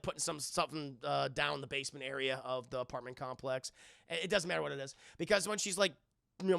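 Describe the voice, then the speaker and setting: Young male streamer, gravelly and bright, rambling profane recap, dry mic. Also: fairly high pitch, dry recording. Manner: rambling, hesitant, swears often. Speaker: streamer reviewing a film with live chat. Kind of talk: casual profane movie recap.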